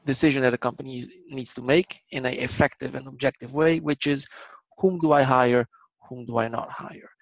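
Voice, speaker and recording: A man speaking as a guest on an online business seminar, explaining in a measured way with filler ums, over a video call. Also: medium pitch, gravelly, fairly bright tone, dry recording, muffled recording. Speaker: company guest.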